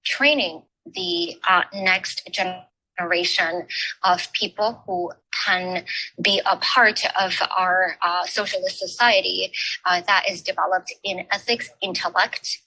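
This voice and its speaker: A woman lectures at an education forum in an unhurried, measured way. Her voice is bright and crisp. She stops often on fillers as she picks her next words. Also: fairly low pitch, slight background noise, poor audio. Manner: halting, with frequent filler pauses. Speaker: forum speaker. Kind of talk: academic talk on education history.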